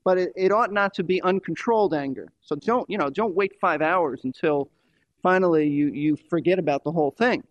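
A man's voice: a little high, fairly quick, no room sound, lo-fi sound. A man preaching a sermon in an emphatic way, repeating key phrases for stress.

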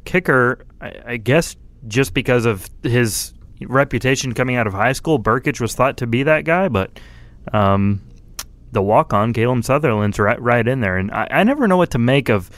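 A man's voice: medium pitch, lively intonation, normal speed, dry recording. A man co-hosting a casual sports podcast, easygoing and a bit self-deprecating, with fillers as he thinks. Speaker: newspaper reporter, co-host.

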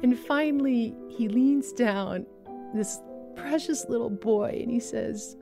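A woman telling a personal faith story as a guest, earnest, with pauses and restarts. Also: on the high side, over music.

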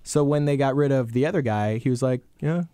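A man's voice: medium pitch, fairly even intonation, fast, warm tone, clear, resonant tone, no room sound. A man who plays in bands, co-hosting a casual podcast in an easygoing, rambling way with jokey asides. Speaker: podcast co-host, musician. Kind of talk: casual chat.

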